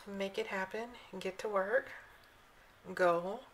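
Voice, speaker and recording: A woman's voice: medium pitch, steady tone, takes it slowly, slight background noise, rough recording. A woman vlogging a casual walkthrough of planner sticker books, reading the slogans aloud in a chatty, admiring way.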